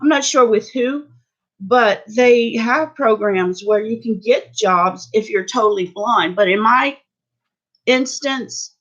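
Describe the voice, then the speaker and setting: An older woman from Louisiana speaks, slow and halting, with many restarts. Her voice sits a bit high. The recording is dull and lo-fi. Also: fairly bright tone. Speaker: beauty vlogger. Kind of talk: personal vlog talk.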